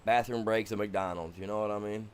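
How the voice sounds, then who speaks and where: A man's voice: fairly low pitch, a little fast, slight background noise. Rambling middle-aged male game streamer. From Michigan. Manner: rambling, animated storyteller with slangy asides. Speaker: live streamer. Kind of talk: casual live-stream chat while gaming.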